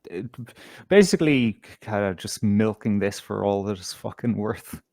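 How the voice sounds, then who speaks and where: A man's voice: lowish voice, lively intonation, moderate pace, gravelly, darkish tone. A man with an Irish accent, co-hosting a comedy podcast, talking casually with lots of hesitant restarts. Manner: hesitant, stammering, dry. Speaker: co-host.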